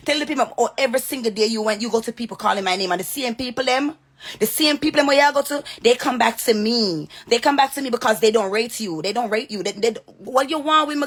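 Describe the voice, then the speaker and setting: A woman's voice: fairly high pitch, quick pace, a bit bright. Heated Jamaican woman ranting. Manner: heated, repetitive and confrontational. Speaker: social media personality. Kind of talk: direct-to-camera rant.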